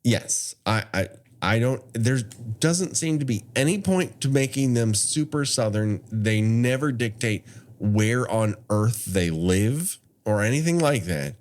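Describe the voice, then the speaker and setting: A man's voice: mid-range voice, animated, unhurried, a little mellow. A man co-hosting a podcast, recapping a horror film in casual chat with wry asides and frequent laughs. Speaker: podcast co-host.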